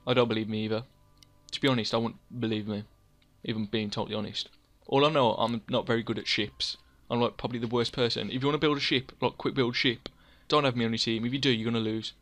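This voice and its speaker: A man's voice: medium pitch, steady tone, quick pace, a bit bright. A young man, hosting casual gameplay commentary in a rambling, self-mocking way, often talking to himself by name. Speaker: let's play host.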